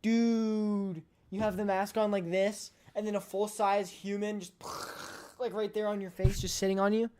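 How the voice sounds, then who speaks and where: A woman's voice: medium pitch, flat delivery, measured pace, mellow. A woman streamer chatting casually on a live stream, emphatic and playfully blunt, often repeating her points.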